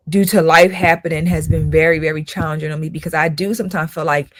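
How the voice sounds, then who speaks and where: Emphatic woman host, low voice. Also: no echo, studio quality. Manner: emphatic, rhetorical questions, repeats herself. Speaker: channel host, school counselor. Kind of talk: casual commentary monologue.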